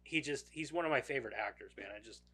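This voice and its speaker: A man's voice: medium pitch, lively intonation, fast talker, over a noisy crowd. A man co-hosting a casual movie podcast, enthusiastic, swearing freely and repeating words as he talks. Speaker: podcast co-host.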